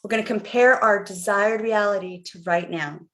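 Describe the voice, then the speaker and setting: A woman's voice: medium pitch, moderate pace, fairly bright tone. A middle-aged woman coaching viewers on a live stream, guiding them through a visualization in an earnest, repetitive way. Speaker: life coach.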